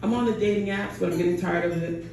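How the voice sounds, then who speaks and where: A woman performing a stand-up comedy set on a bar stage, with a deadpan delivery that keeps tagging jokes with "right?". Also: lowish voice, quick pace, background noise. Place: bar stage in front of a crowd. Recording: echoey room, mic heard from a distance.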